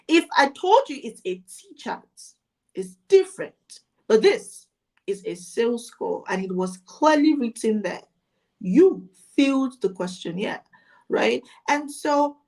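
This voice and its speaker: A woman marketing coach telling client stories in casual, animated conversation. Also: on the high side. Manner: animated storytelling, voices her clients.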